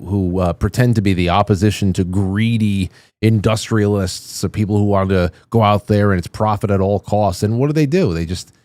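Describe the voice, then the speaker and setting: A man's voice: fairly low pitch, mellow, no room sound. A man hosting a political commentary show, ranting with indignant, profane outrage. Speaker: show host.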